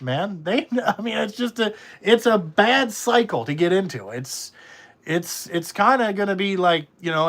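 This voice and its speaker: A man's voice: high-pitched, fairly bright tone. A man who runs a trucking business, talking in a blunt, rambling way and swearing freely in casual podcast conversation. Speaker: trucking company owner.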